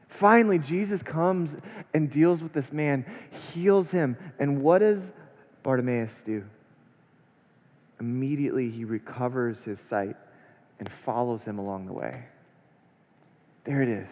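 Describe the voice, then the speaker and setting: A slightly high-voiced man preaching in a church, reading scripture and then explaining it with questions put to the congregation. His delivery moves from hushed to emphatic. The sound is dull and lo-fi, with a long reverb trailing behind him. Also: unhurried, pauses often. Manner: swings between hushed and emphatic. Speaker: pastor. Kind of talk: expository sermon. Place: church sanctuary.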